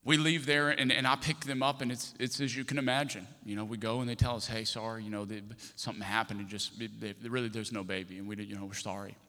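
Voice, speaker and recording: A man preaching from the pulpit, telling a personal story with animated, impassioned bursts. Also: on the low side, quick pace, few pauses. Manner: impassioned, animated retelling with sudden loud outbursts. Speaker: pastor. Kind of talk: sermon storytelling. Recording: long hall reverb.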